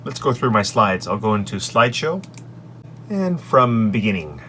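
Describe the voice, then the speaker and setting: A man who teaches English, recorded in his office on a desk microphone, walking through his lesson slides in an upbeat way and saying each example sentence clearly. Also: lowish voice, very animated, normal speed, pushed and bright, slight background noise. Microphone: desk microphone on an extension arm.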